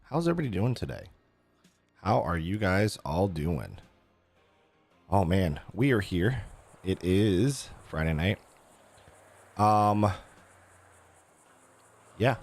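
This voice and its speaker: A man streaming a game, chatting casually with his viewers in a hoarse voice that he is losing, rambling with many fillers and restarts. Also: low voice, sing-song, takes it slowly, long pauses, darkish tone. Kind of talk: casual live-stream chat.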